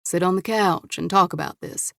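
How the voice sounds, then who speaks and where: Woman reading smirking male killer, taunting, cold, lowish voice, dry audiobook sound. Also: normal speed, creaky, no room sound. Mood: calm.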